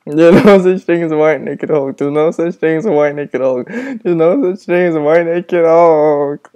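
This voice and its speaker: A man whose voice sits on the high side, mellow and at a moderate pace, reacts to a horror game he's playing with a friend. It's night, he's at home in a room with the lights on, and he offers casual, nervous commentary laced with swearing into a headset.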